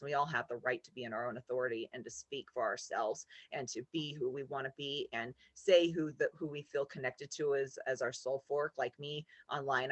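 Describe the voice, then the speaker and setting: A woman in casual chat, excitable and swearing freely, given to sudden loud outbursts. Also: extremely low pitch, no room sound.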